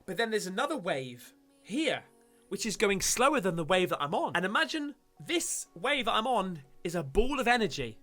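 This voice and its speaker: A man streamer telling a story to his viewers in an excitable way, swearing freely and talking straight to the audience. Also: high-pitched, moderate pace, pauses often, faint music behind. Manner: excitable, swears a lot, addresses viewers directly. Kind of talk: animated storytelling to a live stream.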